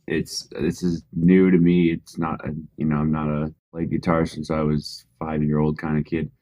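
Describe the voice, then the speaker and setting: A young Canadian man from rural Alberta, a guest telling his story in a relaxed, modest way with frequent fillers. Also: very deep voice, moderate pace. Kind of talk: casual interview storytelling.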